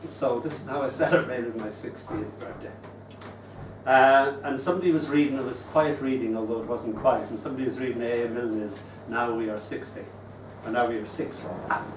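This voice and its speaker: A man in his sixties hosting an open mic and reading his poems with wistful, gentle humour. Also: mid-range voice, fairly even intonation, fairly quick, noisy background. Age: 60s. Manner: wistful, gently humorous storytelling. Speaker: poet and open mic host. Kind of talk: live poetry reading. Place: live open mic venue. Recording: roomy room, distant mic, faint ambience.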